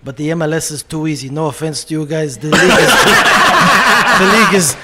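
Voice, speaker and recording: A man voicing a boastful foreign soccer star who talks in slow, condescending statements. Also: a little high, animated, pitched below the performer's own voice, natural voice. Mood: smug. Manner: slow, self-assured, condescending. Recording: live room with clear background noise.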